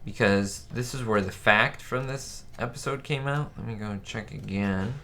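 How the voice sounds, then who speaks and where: A man's voice: fairly low pitch, normal speed, vocal fry, bright, forceful tone, slight background noise. A man hosting a live stream, chatting enthusiastically in a casual way and reading out viewer questions.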